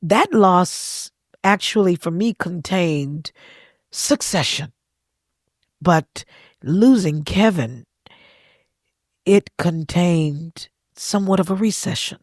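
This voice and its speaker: A woman, a gospel singer and pastor, talking as a podcast guest in an earnest, confiding way with soft chuckles, in a studio. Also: on the low side, takes it slowly, pauses often, no room sound. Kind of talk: candid emotional storytelling.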